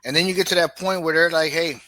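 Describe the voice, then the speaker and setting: A middle-aged man talks casually on a podcast, his voice bright and forceful, recorded close and dry with no room sound. He tells family stories with animation, slipping into the voices of his kids. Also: a little high, fast, no echo. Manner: animated storytelling, acts out family quotes. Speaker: podcast co-host. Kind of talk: casual chat.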